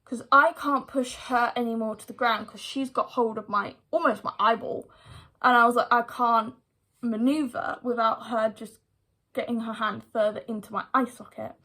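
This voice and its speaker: A young woman with a slightly high voice tells a story from her school days in a storytime vlog. She talks casually and directly to her viewers, and drops "like" all through her sentences. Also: steady tone, moderate pace, sharp tone. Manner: chatty retelling full of "like" fillers. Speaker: vlogger.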